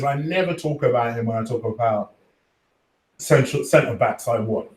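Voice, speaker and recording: A man's voice: medium pitch, measured pace, a little mellow. A chatty man hosts a casual live stream, swearing loosely and calling out viewers by name. He sits back from the mic in an echoey room, so his voice sounds roomy and a little distant. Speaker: fan channel host reading live chat.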